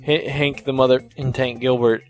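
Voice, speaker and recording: A man's voice: mid-range voice, steady tone, moderate pace, a little mellow, soft background music. A man hosting a podcast, chatting casually, laughing often and reading out segment details. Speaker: podcast host.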